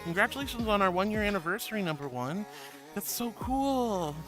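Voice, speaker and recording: A man's voice: high voice, expressive, a little fast, fairly bright tone. A man streaming as a VTuber, chatting casually and affectionately while reading viewer messages aloud. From Florida. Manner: gushing and affectionate, calls viewers sweetie. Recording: music playing behind the voice.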